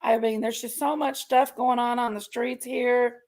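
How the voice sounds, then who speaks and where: A woman hosting a casual livestream chat, rambling and greeting each viewer by name with drawn-out, effusive exclamations. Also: fairly high pitch, fairly even intonation, darkish tone. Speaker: livestream host.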